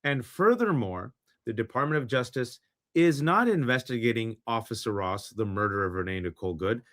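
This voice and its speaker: Impassioned man with a lively voice. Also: medium pitch, normal speed. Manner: impassioned, sarcastic, acts out mock dialogue. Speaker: podcast host. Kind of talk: political commentary.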